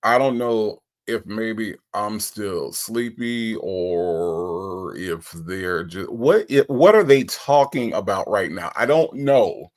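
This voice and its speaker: A man's voice: on the low side, slow pace. A man hosting a show, casually reading viewer comments and reacting with laid-back exasperation. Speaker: host reviewing a recorded call.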